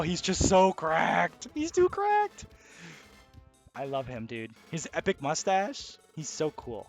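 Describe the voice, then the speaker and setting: A man giving casual, excitable video game commentary, swearing freely. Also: fairly high pitch, a little slow, soft background music. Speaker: let's play host.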